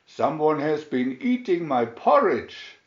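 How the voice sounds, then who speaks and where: A man voicing a big gruff papa bear in a storybook reading, raised and loud. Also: fairly high pitch, very animated, slow, echoey room, muffled recording, exaggerated voice. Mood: indignant.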